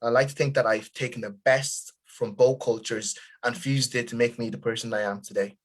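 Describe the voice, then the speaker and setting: A man's voice: mid-range voice, steady tone, a little fast. A young Irish man with a Dundalk and Dublin accent, talking casually on a video call and laughing often as he searches for words. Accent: Irish, Dundalk and Dublin mix. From Ireland. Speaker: guest.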